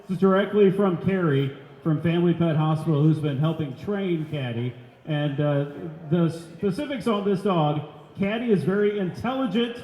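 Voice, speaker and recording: A man's voice: high-pitched, a little mellow. A man hosting a live radio broadcast from an event center, chatty and upbeat with light jokes. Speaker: radio host. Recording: echoey hall, long reverb.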